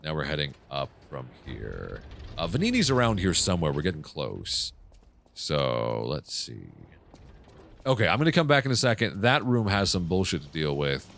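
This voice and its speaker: A man casually commenting on his own game playthrough, swearing often and reacting loudly to what happens on screen. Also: extremely low pitch, wildly swooping pitch, normal speed, gravelly, slight background noise. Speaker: gaming channel host. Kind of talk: casual let's play commentary.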